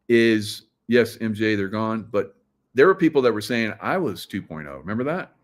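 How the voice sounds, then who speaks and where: Low-voiced man rambling through commentary. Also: fairly bright tone. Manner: rambling, filler-heavy, laughs and mocks often. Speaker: show host. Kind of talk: casual commentary.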